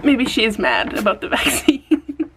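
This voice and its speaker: A young American woman vlogging casually about rescue puppies, chatty, sometimes breaking into high baby talk for the dogs. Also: wildly swooping pitch, unhurried, background noise. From United States. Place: animal shelter, outdoors.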